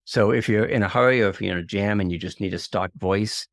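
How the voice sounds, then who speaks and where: A man hosting a casual software tutorial, walking through a screen share in a conversational tone with self-deprecating asides. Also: fairly low pitch, fast, vocal fry, no echo, clean studio sound. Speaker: video tutorial host.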